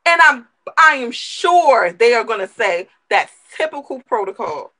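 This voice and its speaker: A woman's voice: on the high side, big pitch swings, a little slow, bright, forceful tone, poor audio. A woman co-hosting a talk show, giving impassioned, emphatic commentary and repeating words for emphasis while emotional.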